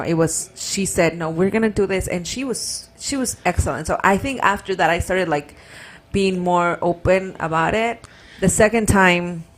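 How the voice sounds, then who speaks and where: A woman with a lowish voice co-hosts a relaxed podcast chat. She speaks haltingly and often restarts her sentences as she shares her experience. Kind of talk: casual podcast conversation.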